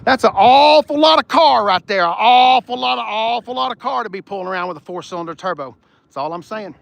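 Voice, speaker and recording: A man's voice: high voice, lively intonation, brisk, gravelly, fairly bright tone, dry recording. A man hosting a live car-lot stream outdoors, talking bluntly and joking with viewers, with no microphone and wind hitting the mic. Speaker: car channel host. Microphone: no external mic, wind on the mic.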